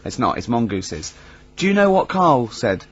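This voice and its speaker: A man's voice: mid-range voice, very animated, moderate pace, husky. Radio host guy rambling thru a story, lots of ums, kinda dull lo-fi sound. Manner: rambling anecdotes with many ums and restarts. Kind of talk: casual radio banter.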